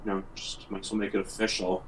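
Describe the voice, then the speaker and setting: A man's voice: deep voice, flat delivery, fast, distant mic, slight background noise, low-quality recording. A man playing a cleric in a tabletop game, talking hesitantly with many fillers. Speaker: player. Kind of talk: casual chat about a tabletop game.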